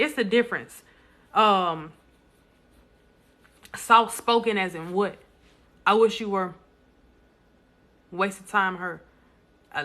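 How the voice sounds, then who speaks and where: A woman's voice: medium pitch, bright, forceful tone. A woman speaking bluntly and emphatically to viewers in a casual live stream, repeating lines for stress. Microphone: phone.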